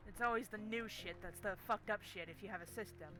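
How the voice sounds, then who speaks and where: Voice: mid-range voice, a little fast, bright, forceful tone, poor audio. A young adult game streamer telling a story casually while playing, swearing constantly in an exasperated rant.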